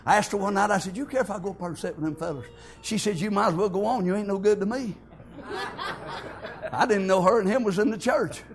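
A man's voice: high voice, fast talker, a crowd in the background. An older man, telling his church testimony in a folksy, homespun way. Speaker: church member giving testimony.

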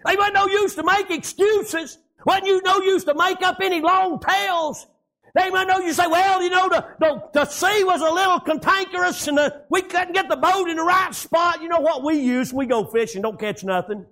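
A man preaching a sermon, shouting lines and dropping low, with frequent amens.

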